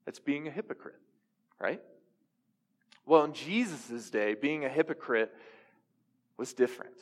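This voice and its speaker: A man's voice: mid-range voice, big pitch swings, normal speed, vocal fry. A young adult man preaching a sermon in a conversational style, asking his listeners questions. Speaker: pastor. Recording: reverberant hall.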